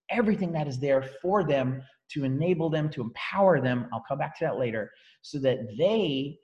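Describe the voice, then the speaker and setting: A man leading a team training call, energetic and emphatic, repeating key phrases for effect. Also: medium pitch, in a large hall, highs cut off. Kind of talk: motivational training talk on a call.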